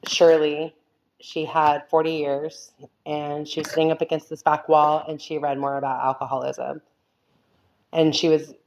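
A woman's voice: deep voice, lo-fi sound. A woman sharing her recovery story at a meeting, candid and rambling, full of fillers and restarts. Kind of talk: personal testimony talk.

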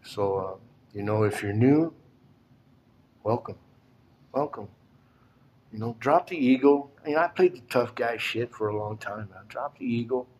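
An older man giving a plainspoken, emotional personal testimony at a recovery support meeting, often halting and repeating himself. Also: mid-range voice, a little mellow, slight background noise.

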